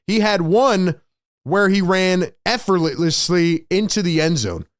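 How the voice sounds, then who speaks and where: A man hosting a postgame sports show, talking in an excited, emphatic way and repeating his key points, worked up with excitement. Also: sits high, slow pace, dry recording, clean studio sound. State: overexcited.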